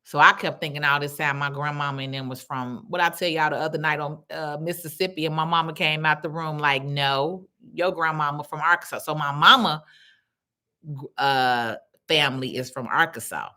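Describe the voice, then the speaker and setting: A woman's voice: low voice, moderate pace. A middle-aged woman, hosting a casual livestream and chatting through viewer comments. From Chicago. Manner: chatty, animated, reads comments aloud. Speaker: livestream host.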